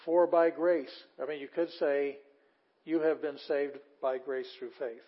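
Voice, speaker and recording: A man's voice: medium pitch, fairly even intonation, measured pace. A man teaching a Greek class, reading Bible verses aloud and explaining them word by word in a casual, enthusiastic way. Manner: casual with fillers, enthusiastic asides. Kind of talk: classroom lecture. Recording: slightly dull lo-fi audio.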